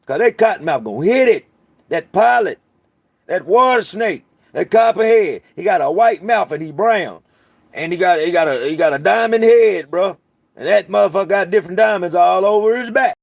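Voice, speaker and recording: A North Carolina man with a Southern accent hosts his channel's livestream, chatting casually and with plenty of profanity as he rambles through stories. His voice is high and expressive with vocal fry, at a moderate pace, and there's no room sound.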